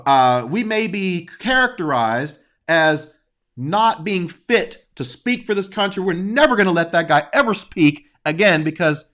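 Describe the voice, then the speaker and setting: A man with a somewhat high voice talks through a sensitive topic in casual conversation. He speaks earnestly but haltingly and keeps restarting his sentences as he works out his point. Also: lively intonation, fairly bright tone. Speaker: discussion guest.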